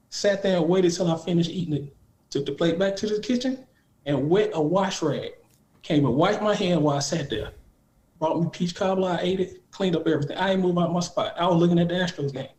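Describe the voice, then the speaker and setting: A man in his forties on a heated panel debate, telling a story in an insistent, animated way. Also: sits high, brisk, reverberant. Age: 40s. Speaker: panel guest.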